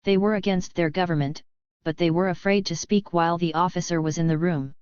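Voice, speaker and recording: A woman reading a memoir aloud as narration, in a steady, measured way. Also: lowish voice, clean tone, no room sound, dull audio. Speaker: audiobook reader. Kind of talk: scripted narration.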